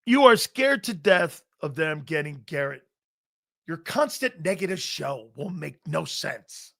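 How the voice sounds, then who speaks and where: A middle-aged man hosting a live sports talk show, reading chat messages aloud, laughing often and arguing back loudly. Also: fairly high pitch, measured pace, gravelly. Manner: loud, excitable, laughs often, argues with chat.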